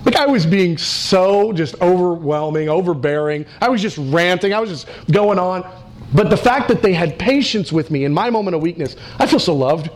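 A middle-aged man preaching a sermon, acting out quoted voices and slowing down for emphasis. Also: sits high, animated. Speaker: pastor.

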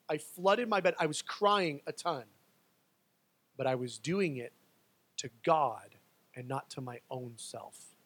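A man preaching a sermon, moving between loud, pleading passages and quiet, intimate asides. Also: fairly high pitch, lively intonation, takes it slowly, long pauses, slightly rough. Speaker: pastor.

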